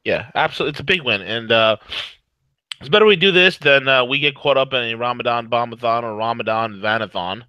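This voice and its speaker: A man's voice: medium pitch, fairly quick, clear, resonant tone, no room sound, lo-fi sound. Fired-up man talking on a morning radio show. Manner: fired-up, rants loudly, jokes and laughs. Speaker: co-host. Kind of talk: talk radio commentary with ad reads.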